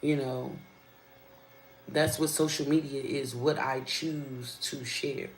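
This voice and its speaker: A woman with a low voice talks candidly and unhurriedly to her live-stream viewers, calling them y'all. The sound is roomy and echoey, with a faint ambient hum underneath. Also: fairly even intonation, slow pace. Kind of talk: casual chat. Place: at her workplace.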